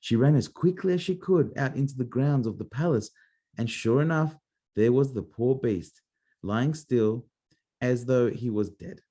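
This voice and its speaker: A father reads a fairy tale aloud at bedtime, his voice mellow and dark in tone. He swings his pitch widely for effect, playful and expressive, dropping in small asides. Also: measured pace, breathy edge. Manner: animated, playful storytelling with asides. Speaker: parent reading to a child. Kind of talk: bedtime story reading.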